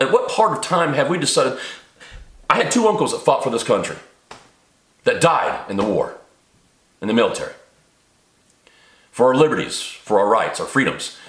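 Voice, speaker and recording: A man's voice: mid-range voice, a bit bright. A middle-aged man ranting to camera in an agitated monologue, his voice climbing sharply when he gets worked up. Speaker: video maker. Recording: echoey room.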